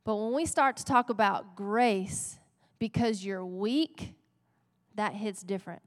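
A woman's voice: medium pitch, takes it slowly. A woman pastor preaching a sermon in a playful, conversational way, often checking in with the congregation. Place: church sanctuary. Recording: long church reverb.

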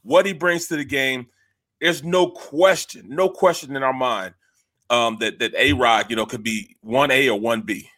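A man's voice: mid-range voice, normal speed, a bit bright, no echo, clean studio sound. A man co-hosting sports talk radio, emphatic and repetitive, often tagging lines with "man.". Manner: emphatic, repeats phrases, says "man" often.

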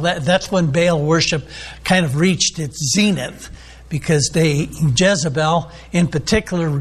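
A man preaching a sermon, teaching in a loose, rambling way with many ums and restarts. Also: a little high.

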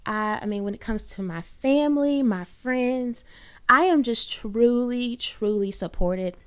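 Speaking a little slowly in a fairly high, clean voice, a woman hosts a short, encouraging faith podcast on her own microphone. She talks earnestly and warmly to listeners, using folksy phrasing and saying "y'all" often.

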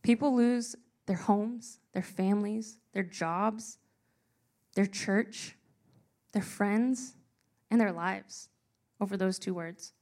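A young woman telling a personal story to a live audience, earnest and emotional, slowing down for emphasis. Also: medium pitch, a little mellow. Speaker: speaker sharing a personal story.

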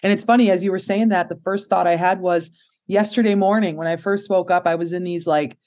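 A woman's voice: lowish voice, steady tone, a little fast, a little mellow. A woman hosting a podcast, speaking openly and reflectively in casual conversation. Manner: open and reflective, with short affirmations.

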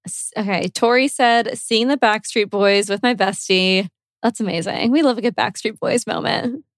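A woman's voice: on the high side, normal speed, no room sound. Woman podcast co-host, upbeat and casual, dry close sound. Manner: upbeat, reads listener notes.

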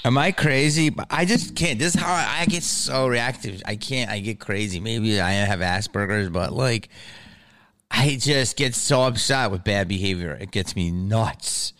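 A man's voice: on the low side, normal speed, a bit bright, no echo. A man hosting a podcast, talking over a clip in a profane, self-justifying rant. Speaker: podcast host.

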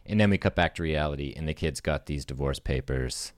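A man's voice: a little fast, dry recording. A man casually brainstorming a story, laying out scenes like film cuts, with many likes and ums. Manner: relaxed, filler-heavy, pitches scenes like a film cut.

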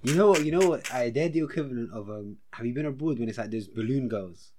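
A man's voice: mid-range voice, expressive, quick pace. A young man chatting casually and jumping in with questions. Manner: chatty, jumps in with questions and slang. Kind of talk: casual chat. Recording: background noise.

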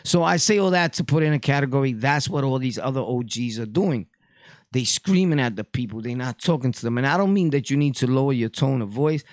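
A man's voice: medium pitch, animated, a little fast, no room sound, clean studio sound. A Puerto Rican man hosting a podcast, delivering a blunt, profane casual monologue. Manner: blunt, profane street talk. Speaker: podcast host.

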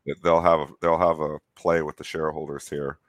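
A man's voice: a bass voice, little pitch movement, a little fast, no room sound. A middle-aged man with a nasal voice, co-hosting a casual stock market show and talking through his trades. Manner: opinionated, talks through trades. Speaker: co-host.

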